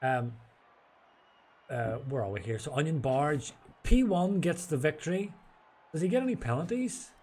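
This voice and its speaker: A man's voice: a little high, animated, normal speed, pauses often, dark tone, husky. A man casually commentating a sim race from home, chatty and rambling, a bit tipsy. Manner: chatty, rambling, restarts and jokes. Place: home room.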